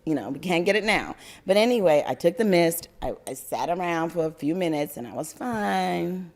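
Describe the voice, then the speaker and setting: An older New York woman tells an audience a personal story with lively animation, frequently breaking into laughter. She speaks at a normal speed, her voice sitting slightly low.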